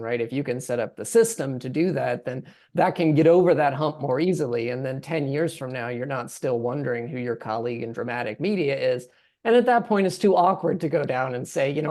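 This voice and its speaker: A man's voice: mid-range voice, brisk, a little mellow. A man moderating an academic panel, talking conversationally with frequent restarts and "right?".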